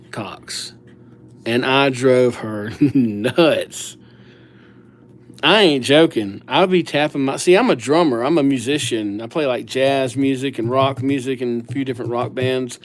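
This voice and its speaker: Young man, casual livestream chat, self-mocking, mid-pitched voice. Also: measured pace. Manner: chatty, self-mocking, reads viewer names aloud, acts out little scenes. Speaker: livestream calligrapher.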